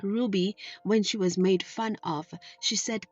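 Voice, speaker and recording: A woman's voice: mid-range voice, fairly even intonation, measured pace, a little mellow, no echo, lo-fi sound, soft background music. A woman telling a story to young children in an affectionate way, often checking that they are listening.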